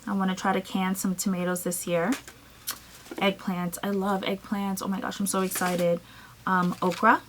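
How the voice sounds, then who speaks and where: A woman from Trinidad, a gardening vlogger, chatting casually and excitedly through a show-and-tell with frequent ums. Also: medium pitch, moderate pace, slight background noise, rough recording.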